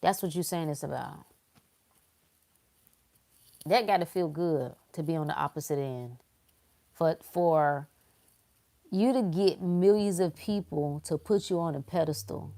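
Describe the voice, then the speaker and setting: A woman, talking bluntly in a casual spiritual talk, swinging between loud emphasis and hushed asides. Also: sits low, a little slow, gravelly, long pauses.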